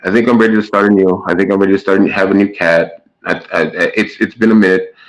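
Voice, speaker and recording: A man's voice: deep voice, fairly even intonation, fast, rough recording. A man streaming live and chatting casually with his viewers, stumbling over his words and trading sarcastic jabs with chatters.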